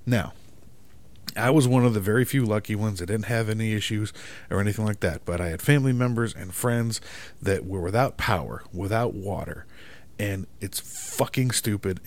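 A man who grew up in Michigan hosting a solo podcast, ranting in an exasperated, profane way. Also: fairly low pitch. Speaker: podcast host.

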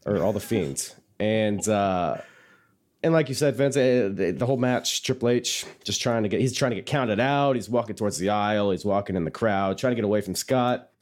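A man's voice: fairly low pitch, moderate pace, darkish tone. A man co-hosting a casual podcast, rambling through a wrestling recap, self-mocking and laughing easily. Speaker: podcast co-host.

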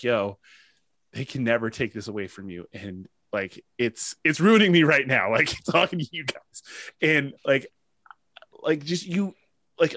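In a dry recording, a male podcast host with a mid-range voice chats casually. His storytelling is emotional and lively, with many fillers along the way.

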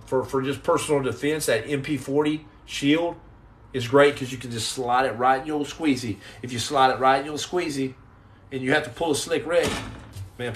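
A middle-aged man chatting casually on a livestream, answering viewer comments in a rambling, joking way that often repeats and restarts words. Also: mid-range voice.

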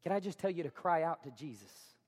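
A man's voice: fairly high pitch, animated, brisk, slightly rough. A man preaching a sermon as pastor, talking conversationally, often asking the congregation questions and acting out quotes. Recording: hall reverb.

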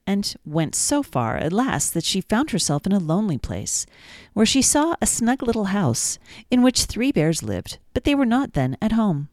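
A woman hosting a children's storytime show, reading a storybook aloud in a gentle, even manner. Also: lowish voice, dry recording, studio quality. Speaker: podcast storytime host.

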